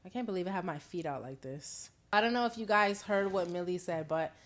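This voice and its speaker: A woman's voice: fairly low pitch, expressive, a little fast. A young woman hosts a casual call-in live stream in her own voice. She talks openly and swears freely, with frequent laughs between thoughts. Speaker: host.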